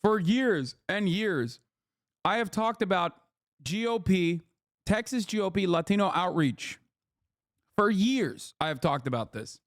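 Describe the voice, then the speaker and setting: Heated male streamer, slightly high voice, dry close sound, swears a lot. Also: animated, measured pace, no room sound. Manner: heated, ranting, heavy swearing; emphatic, repeats "okay?". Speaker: streamer and political commentator. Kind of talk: live-stream political commentary.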